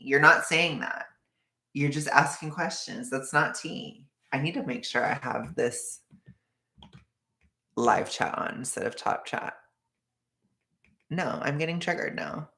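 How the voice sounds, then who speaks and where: A chatty livestreamer rambles to viewers while knitting. The voice has a gravelly vocal fry and keeps breaking into laughter. It sits in a roomy, echoey space. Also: medium pitch, bright, forceful tone. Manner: rambling and chatty, lots of "like", quick bursts of laughter. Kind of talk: casual live-stream chat.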